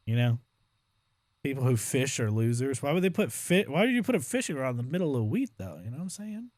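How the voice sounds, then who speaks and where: A young man giving casual gameplay commentary as a streamer, chatty, with exaggerated complaints and excited outbursts. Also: mid-range voice, fast talker, no room sound. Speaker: gaming streamer.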